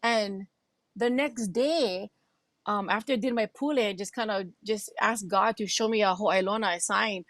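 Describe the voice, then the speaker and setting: A woman's voice: mid-range voice, unhurried, a bit bright, no echo. A woman from Hawaii with a Hawaiian accent, telling her story as a guest on a livestream in an effusive, heartfelt way. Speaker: guest, radio host and emcee. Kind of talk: livestream interview.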